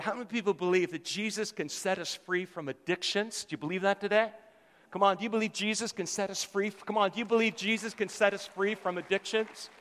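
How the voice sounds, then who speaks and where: Fervent preacher, man in his fifties, pitched high, repeats lines for emphasis, reverberant hall. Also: a bit bright. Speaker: pastor. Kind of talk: sermon.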